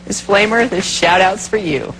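A woman's voice: mid-range voice, normal speed, a bit bright, faint music behind, rough recording. A woman reading an upbeat broadcast tribute segment in an announcer's delivery.

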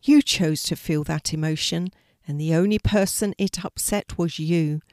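A woman voicing a gentle female guardian angel who speaks softly and patiently in a storybook reading. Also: sits low, normal speed, no echo, clean studio sound, natural voice. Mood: advising. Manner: soft, patient, advising.

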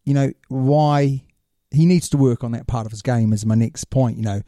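A man's voice: mid-range voice, moderate pace, warm tone, no echo, studio quality. A middle-aged man co-hosting a casual sports chat, joking and trailing off mid-sentence. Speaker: podcast co-host.

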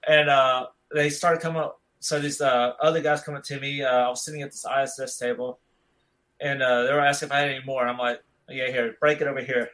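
A man's voice: mid-range voice, flat delivery, fast, a bit bright, poor audio. A man in his thirties telling a long school story in casual chat, rambling and laid-back, with "dude" in almost every sentence.

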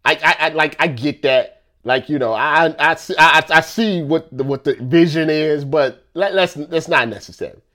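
A man's voice: a little high, moderate pace, pushed and bright. A man talking in a casual rant, repeating himself and firing off rhetorical questions.

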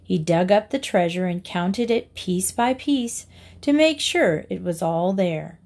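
A woman narrating classic fables aloud for listeners. She reads slowly and deliberately, pausing to give each moral its weight. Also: on the low side, expressive, a little mellow. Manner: slow, deliberate reading aloud. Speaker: reader. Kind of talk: storybook narration.

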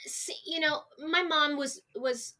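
A woman guest on a podcast, talking in an animated, storytelling way in casual chat. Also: high-pitched, slow.

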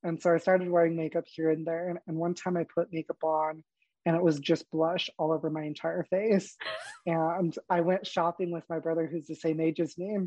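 In a candid storytelling interview, a young male podcast guest recounts personal experiences animatedly, laughing a lot and performing the quoted lines. He speaks at a moderate pace with a fairly high pitch, and the muffled recording has no room sound.

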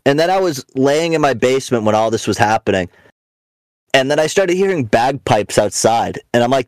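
A man's voice: medium pitch, lively intonation, normal speed, dry recording. A young adult man hosting a podcast in casual chat, a profane, rambling storyteller who mocks and rants. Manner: mocking, ranting. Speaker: podcast host.

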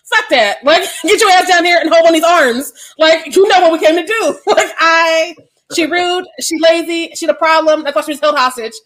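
A woman's voice: very high voice, normal speed, fairly bright tone. A woman. She co-hosts a casual podcast, blunt and profane, and laughs often. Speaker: podcast co-host.

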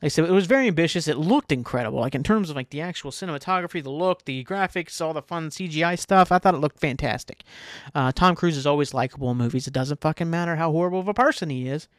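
A man's voice: a little high, fast, dry recording, clean studio sound. A young man hosting a podcast alone, rambling casually and profanely and laughing often. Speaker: podcast host. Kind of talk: casual solo monologue.

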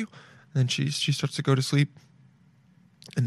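A man's voice: medium pitch, little pitch movement, moderate pace, creaky, pauses often, breathy edge. A young man riffing comedically in a crude, rambling way, swearing and drifting into goofy tangents. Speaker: comedic commentator.

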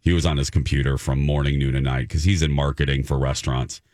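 A man's voice: extremely low pitch, flat delivery, fast talker, darkish tone, dry recording, clean studio sound. A man hosting a radio show, chatting casually in a rambling, self-mocking way with many restarts. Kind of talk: casual morning-show chat.

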